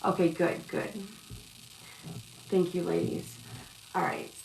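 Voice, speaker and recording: Slow, gravelly-voiced woman reading tarot live. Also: lowish voice, level tone. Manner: casual, rambling, calls viewers love and sweetheart. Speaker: tarot reader. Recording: echoey room with faint background noise.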